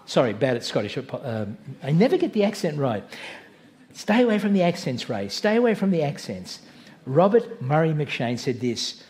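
Higher-voiced pastor preaching conversationally. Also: male voice, sing-song, moderate pace, darkish tone. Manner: earnest, conversational preaching with asides and self-corrections. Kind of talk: sermon. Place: church.

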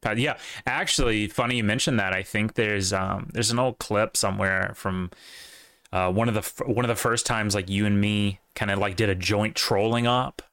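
A podcast co-host with a light Southern accent speaks in a lowish voice at normal speed, fairly even in intonation and a bit bright. The recording is dry and studio quality, and he chats casually, rambling, profane, and full of restarts.

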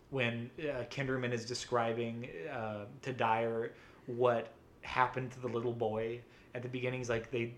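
A man's voice: medium pitch, slight background noise. A man co-hosting a podcast, talking casually and enthusiastically, swearing often and rambling with many restarts. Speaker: podcast co-host. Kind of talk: casual chat.

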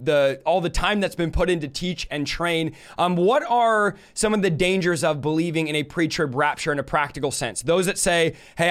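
A man's voice: a little high, a bit bright. A young man hosting a livestream, talking with enthusiasm and speaking straight to his viewers. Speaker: host. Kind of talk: casual livestream talk.

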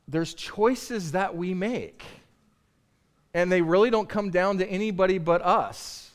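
Middle-aged male pastor, slightly high voice, chatty sermon delivery with strong swings in volume. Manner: conversational, swings from quiet to loud and emphatic.

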